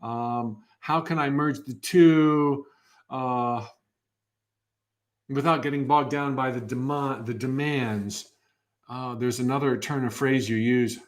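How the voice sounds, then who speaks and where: A man's voice: medium pitch, measured pace. A man in his fifties hosting a live motivational workshop, upbeat and enthusiastic, often restarting his phrases. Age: 50s.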